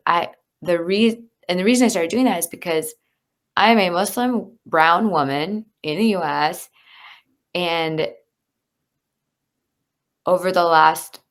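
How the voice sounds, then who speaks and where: A woman, a leadership coach, talking candidly and earnestly as an interview guest, with many fillers. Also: deep voice. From United States. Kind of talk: conversational interview.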